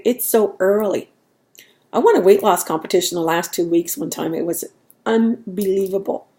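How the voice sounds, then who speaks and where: A woman's voice: medium pitch, dark tone. A woman talking in a casual, rambling way at home, laughing at herself as she goes. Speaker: vlogger. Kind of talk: casual chat.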